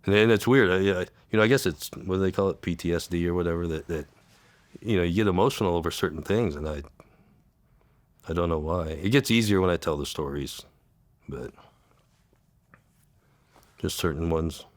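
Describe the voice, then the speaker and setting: A man who worked undercover, recounting an old case in an interview, halting and repeating words, tearful at times, and acting out the lines of the people in the story. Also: low voice, no room sound. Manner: halting, repeats words, acts out quoted dialogue. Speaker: interview guest, former undercover officer. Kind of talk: emotional storytelling.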